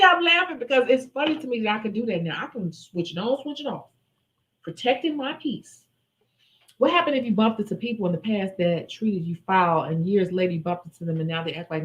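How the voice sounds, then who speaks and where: Animated and a little fast, a young woman's medium-pitched, slightly bright voice comes through a low-quality recording. She runs a live Q&A stream, answering viewer questions casually and candidly and doing other people's voices as she retells stories.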